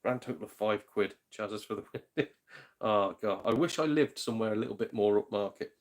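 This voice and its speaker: Gaming host, British man, slightly low voice, loose rambling live-chat delivery. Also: a little fast. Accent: British English. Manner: chatty, rambling, swears mildly, drops to a hush. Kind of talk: casual live-stream chat. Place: home.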